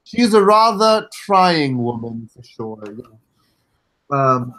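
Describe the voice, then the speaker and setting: Slow, wry man running a tabletop game. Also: on the high side, sing-song, fairly bright tone, slight background noise, low-quality recording. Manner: unhurried and wry, with fillers. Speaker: game master.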